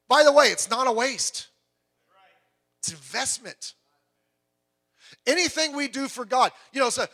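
A man preaching a sermon as pastor, animated, stumbling over restarts and acting out quotes, swinging between loud bursts and soft low asides. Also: brisk.

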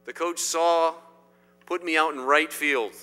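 Middle-aged preacher from indiana, sharp bright voice, goes loud then hushed, big church echo. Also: male voice, on the high side, steady tone, unhurried, clear, resonant tone, faint music behind. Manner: emphatic, swinging between loud declarations and quiet asides. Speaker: pastor. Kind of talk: sermon. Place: church sanctuary. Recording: long hall reverb.

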